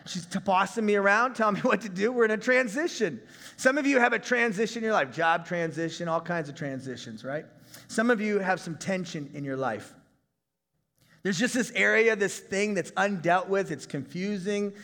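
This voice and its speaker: A male pastor in his thirties preaching a conversational sermon, breaking into shouts now and then. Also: sits high, normal speed, long reverb tail.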